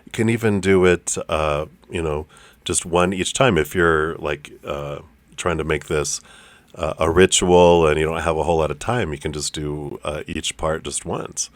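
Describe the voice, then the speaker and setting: Low male meditation guide, gentle and unhurried, dry recording. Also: fairly even intonation, no room sound. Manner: loose, with fillers. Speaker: spiritual teacher.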